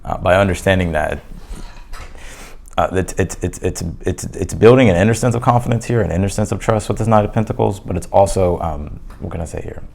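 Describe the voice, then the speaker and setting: A man giving a casual tarot reading to his viewers, loose and chatty, full of fillers and restarts, a little hoarse as he says he is losing his voice. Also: sits low, brisk, a little mellow, a little hiss or hum. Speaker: tarot reader.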